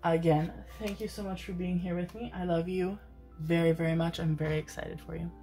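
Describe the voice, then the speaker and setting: A woman with a low-pitched voice reads tarot cards for her viewers in a relaxed, meandering way. She speaks affectionately, drifts between thoughts, and keeps calling her audience her babies while sitting at her desk mic. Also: a little fast, faint music behind. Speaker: tarot reader. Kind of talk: casual tarot reading to camera. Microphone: desk microphone, seated in a chair.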